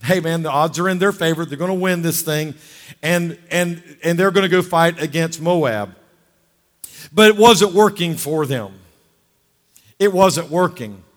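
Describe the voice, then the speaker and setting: A man's voice: a little high, unhurried. A man preaching a sermon as pastor, fired-up and exhorting, calling out for amens from the congregation. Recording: long reverb of a large hall.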